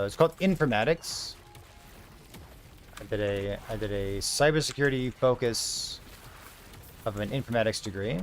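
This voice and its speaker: Male streamer, 30s, mid-pitched, rambling casual chat with faint music under it. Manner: rambling, filler-heavy storytelling.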